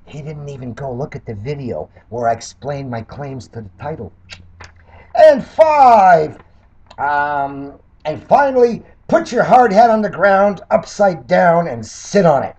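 Husky and animated, a combative older Canadian speaks a little slowly on a muffled recording. The political candidate and commentator mockingly reads and rebuts criticism, alternating loud jabs with low mutters.

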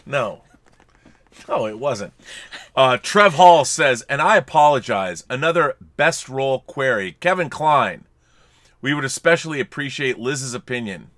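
Bright-voiced man co-hosting a chat show. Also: mid-range voice, expressive, measured pace, no echo, studio quality. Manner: jokey, reads super chats aloud. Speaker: podcast co-host. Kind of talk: casual chat reading viewer comments. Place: home studio with collectibles.

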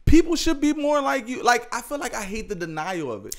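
A man's voice: extremely high pitch, big pitch swings, brisk. Podcast guest, man, Southern US accent, stretches his words, playful and profane. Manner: playful, drawls words, swears freely. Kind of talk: casual podcast chat.

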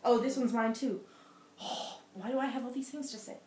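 A woman's voice: fairly high pitch, steady tone, moderate pace, darkish tone, a little hiss or hum. Giggly woman chatting in echoey room. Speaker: podcast co-host, mother. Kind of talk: casual chat. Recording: roomy echo.

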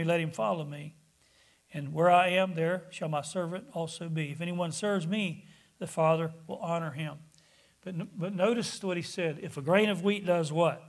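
Pastor guy preaching, kinda high voice, keeps asking the church questions, chuckles here and there. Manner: asks the congregation questions, chuckles often; animated, reads scripture aloud. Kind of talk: sermon.

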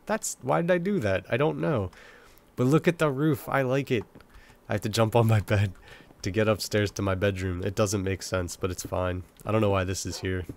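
A man's voice: lowish voice, moderate pace, vocal fry, a little mellow. A young man with a cold, sounding nasal and sniffly, rambling and joking at himself while commenting on his gameplay. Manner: rambling, self-mocking chatter to himself. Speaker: let's play gamer.

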